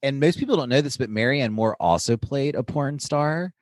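A man's voice: mid-range voice, animated, normal speed, dry recording. A man co-hosting a podcast in casual chat, chatty and enthusiastic, laughing often as he tells stories. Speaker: podcast co-host.

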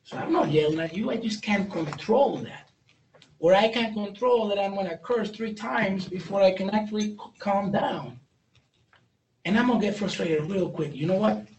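Man, high-pitched, candid trainer who jokes and restarts often; distant mic, roomy hall, faint noise. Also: moderate pace, a little mellow. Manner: candid, jokey, many restarts and stumbles. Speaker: speaker training police on brain injury. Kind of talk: training talk to a live audience.

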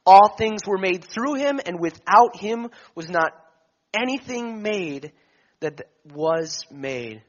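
A man delivers a sermon in a high voice at an unhurried, deliberate pace. He builds lines with emphasis, then lets them fall almost to a whisper. The recording sounds a little dull and muffled. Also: expressive. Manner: slow and emphatic, swelling then dropping to near whispers. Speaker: preacher.

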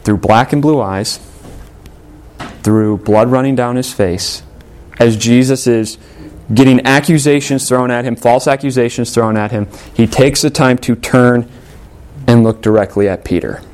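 A man delivering a sermon at a mid pitch, retelling a story with energy. He acts out the quoted lines as he goes and shifts his delivery to carry the drama. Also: steady tone, a little slow, darkish tone. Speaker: pastor.

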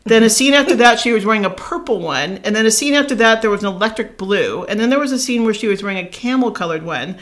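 A woman's voice: on the high side, lively intonation, fast, hardly any pauses, a bit bright. A woman co-hosting a podcast, chatting casually and rambling with fillers as she recaps a film. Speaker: podcast co-host. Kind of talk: casual chat.

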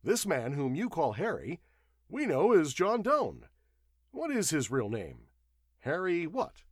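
A man's voice: on the high side, huge pitch swings, slow pace, slightly rough, no room sound, studio quality, voice pushed up, heavily acted. A man voicing an inquisitive newspaper reporter who asks probing questions casually in a storybook reading.

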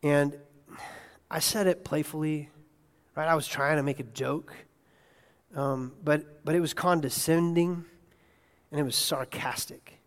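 A male pastor preaching a conversational sermon in a church, asking his congregation questions and swinging between hushed asides and loud, excited bursts. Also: on the high side, measured pace, long pauses. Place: church sanctuary. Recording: long hall reverb.

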